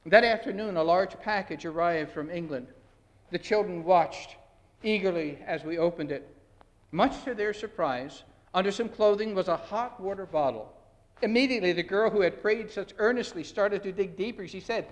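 A man with a high voice preaches a sermon in a church sanctuary, earnest and emphatic, often restarting his sentences. Long reverb from the hall trails his words. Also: moderate pace. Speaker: pastor.

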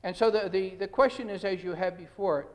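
A man's voice: high voice, a little fast, a little mellow. A man preaching a sermon as pastor, earnest, with frequent restarts and rising emphasis. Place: church sanctuary. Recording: long hall reverb.

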